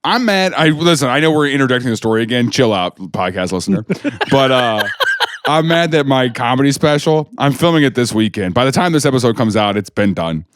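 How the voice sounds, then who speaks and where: A man's voice: mid-range voice, lively intonation, a little fast, no room sound. A man co-hosting a podcast, a comedian, joking and interjecting in casual banter.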